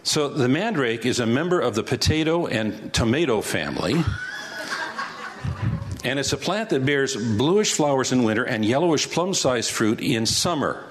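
A man's voice: medium pitch, very animated, normal speed, slight background noise. A male pastor teaching through Bible passages verse by verse, conversational and asking rhetorical questions.

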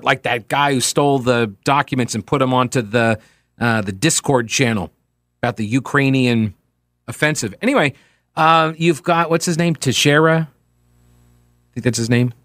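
A man hosting talk radio delivers a sardonic, chatty studio monologue full of filler words. His tone is fairly bright at a medium pitch, and there's no echo.

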